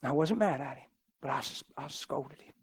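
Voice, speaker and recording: A middle-aged man preaching in a folksy, animated way, telling stories and acting out the people in them. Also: a little high, fairly quick, husky. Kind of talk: storytelling sermon.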